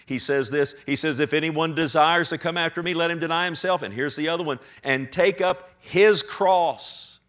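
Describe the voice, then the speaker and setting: A male pastor preaching a sermon with animated delivery, swinging from loud emphasis to a near-whisper and acting out short voices of people in his stories. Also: fairly high pitch, normal speed, hardly any pauses.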